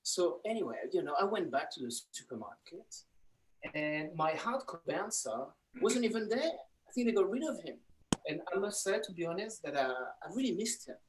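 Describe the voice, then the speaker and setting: A man's voice: sits high, normal speed, crowd noise, poor audio. A man, doing a playful stand-up set over a video call. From France. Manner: animated storyteller, playful. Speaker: comedy student performer.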